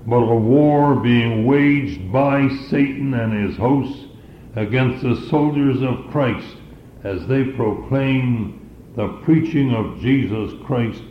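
A man preaching a sermon, teaching scripture in a slow, deliberate way. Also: fairly low pitch, echoey room, highs cut off, a little hiss or hum.

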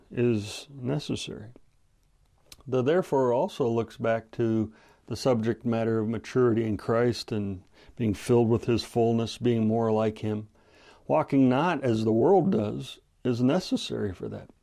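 Gravelly-voiced man preaching a Bible study. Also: mid-range voice, dark tone. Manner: measured, earnest preaching with scripture readings. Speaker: pastor. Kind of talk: radio Bible-study sermon.

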